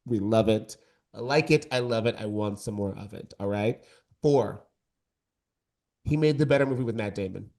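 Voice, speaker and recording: A man's voice: on the low side, normal speed, long pauses, darkish tone. A man co-hosting a casual podcast debate, talking in an emphatic, campy, joking way. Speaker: co-host.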